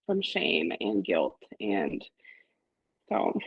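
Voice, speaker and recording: A woman, a mother and former client, speaking heartfelt as a podcast guest and often murmuring soft agreement. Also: rumbling low, huge pitch swings, very slow, creaky, slightly rough, no room sound, muffled recording. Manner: heartfelt, frequent soft affirmations. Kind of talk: casual podcast conversation.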